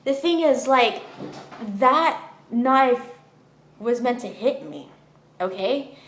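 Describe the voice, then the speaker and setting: Woman, casual testimony, emphatic and chatty, slightly high voice, roomy echo. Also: takes it slowly, a little hiss or hum. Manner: animated, emphatic, many fillers like "you know what I mean". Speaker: storyteller. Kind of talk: personal testimony, casual storytelling.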